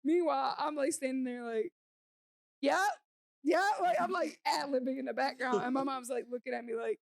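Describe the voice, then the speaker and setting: A young woman co-hosting a casual podcast, telling a story in an animated, chatty way with lots of filler words. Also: sits high, normal speed, vocal fry, no room sound, clean studio sound. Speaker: podcast co-host.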